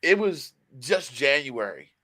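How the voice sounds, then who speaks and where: A man's voice: mid-range voice, slow pace, no echo. A man hosting a sports podcast, telling stories with a lot of feeling and animation in casual talk. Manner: emotional, animated storyteller. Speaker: podcast host.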